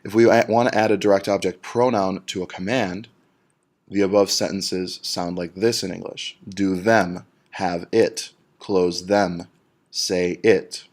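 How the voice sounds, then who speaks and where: A man, a Spanish teacher, explaining a grammar lesson step by step and slowing down on the example words. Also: low voice, steady tone.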